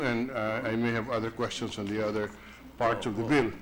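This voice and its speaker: A man, a senate minority leader, questioning a bill deliberately in a legislative chamber and restarting his phrases. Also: on the low side, level tone, slight background noise, low-quality recording.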